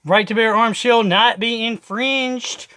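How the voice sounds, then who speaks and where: A man delivers a political rant to camera with a bright, forceful edge. He hammers his points through repetition and profanity. His delivery stays emphatic throughout. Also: extremely high pitch, steady tone, slow, smooth. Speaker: video host.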